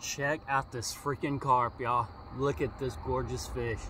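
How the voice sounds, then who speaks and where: Male fishing vlogger, slow excited drawl, outdoors with light background noise. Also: mid-range voice. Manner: excitable, exclaims often, addresses viewers as y'all. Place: outdoors by water.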